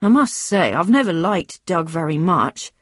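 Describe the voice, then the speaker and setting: A woman reader voicing a gentle adult man who speaks in a soft, reassuring way, close to her own voice. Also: lowish voice, big pitch swings, unhurried, breathy edge, no echo, heavily acted. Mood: concerned.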